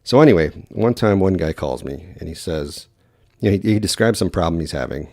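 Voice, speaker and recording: A man from Wisconsin with a Wisconsin accent, hosting a casual solo podcast in quick, rambling talk full of fillers. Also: low voice, lively intonation, mellow, dry recording, studio quality. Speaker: podcast host.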